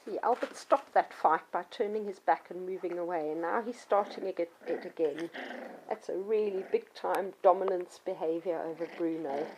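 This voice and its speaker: A woman's voice: fairly low pitch, normal speed, background noise. A middle-aged woman and dog trainer patiently explaining to children and parents how to handle a puppy. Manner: clear, patient explaining, acts out yelps and children's voices. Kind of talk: instructional talk to children and parents.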